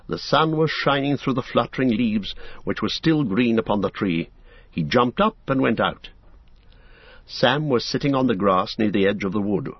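Guy reading an audiobook, steady storytelling, husky voice, dry muffled kind of sound. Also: medium pitch, no echo. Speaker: audiobook narrator. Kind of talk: scripted narration. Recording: dull, dry recording.

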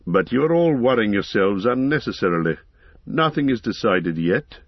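A man voicing an ancient male wizard, speaking in a grave, measured and authoritative way. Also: lowish voice, expressive, dry recording, highs cut off.

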